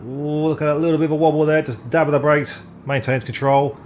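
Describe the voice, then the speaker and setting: A man giving live, rambling commentary on an online sim race, excitable and often stumbling over driver names. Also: a little high, quick pace, slight background noise.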